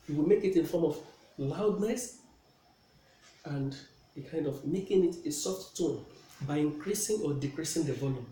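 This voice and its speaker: A man's voice: a little high, mellow. A man teaching a classroom pronunciation lesson, checking in often with "okay?". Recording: echoey room with faint noise.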